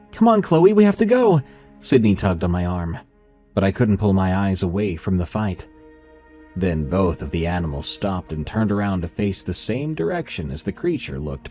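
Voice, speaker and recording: A man reading a first-person horror story aloud in a measured, steady narration. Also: sits low.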